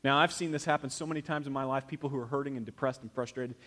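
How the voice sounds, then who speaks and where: A middle-aged male pastor preaching a sermon in a folksy, conversational way, swinging from hushed to loud. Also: mid-range voice, fairly even intonation, rapid-fire.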